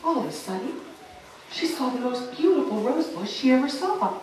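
Brief: lively sing-song woman storyteller for kids, high and swooping, echoey room from a distance. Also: normal speed, slight background noise. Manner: animated, coaxing, sing-song. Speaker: children's party storyteller. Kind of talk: interactive storytelling for children. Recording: echoey room, mic far off.

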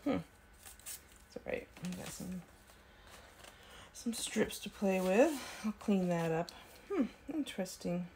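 Woman with a bit of vocal fry rambling thru a craft tutorial, faint hiss in the background. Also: mid-range voice, lively intonation, slow, pauses often, a little mellow. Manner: chatty, thinks aloud while working; talks with frequent ums and small laughs. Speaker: craft video host. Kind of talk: casual craft tutorial chat.

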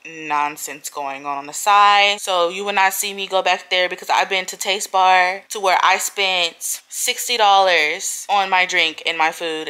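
A woman vlogger chatting casually at home on her couch, telling a story in an animated, ranting way. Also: fairly low pitch. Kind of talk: casual chat.

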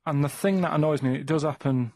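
A man telling plain, deadpan holiday stories in a slow, hesitant way, with fillers, in a casual chat. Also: fairly high pitch, no room sound. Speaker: guest storyteller.

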